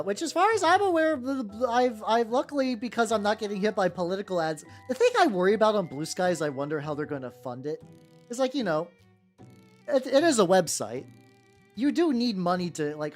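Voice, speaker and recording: A woman hosting a casual live stream while painting miniatures, rambling and swearing freely, with soft music behind her. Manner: rambling, swears casually, quick pitch jumps when quoting people. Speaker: vtuber host painting miniatures. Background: soft background music.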